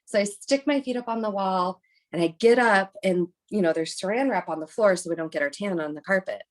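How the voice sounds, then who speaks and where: A young woman talks casually as a podcast guest and tells her story in a loose, rambling way. She leans on fillers and keeps her pitch in an ordinary middle range. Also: fairly quick. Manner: chatty, rambling with many fillers. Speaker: podcast guest, bikini competitor.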